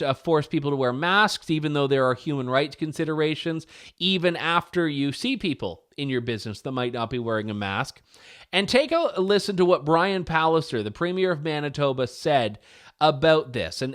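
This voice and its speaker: A man's voice: fairly high pitch, a bit bright. Sarcastic talk show host, man. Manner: sarcastic and incredulous, quick to mock. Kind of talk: opinionated political commentary.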